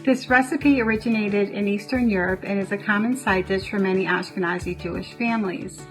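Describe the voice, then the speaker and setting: A woman's voice: medium pitch, fairly quick, soft background music, low-quality recording. A woman from the United States sharing a family recipe in a friendly, scripted recorded message. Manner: clear, friendly, reads from a script. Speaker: guest contributor sharing a recipe.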